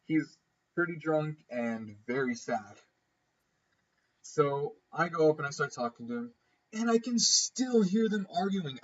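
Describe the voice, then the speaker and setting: A man telling a casual story over gameplay, acting out the people he quotes with sudden jumps in his voice. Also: dull audio. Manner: animated, acts out quoted people with pitch jumps. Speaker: gaming storyteller.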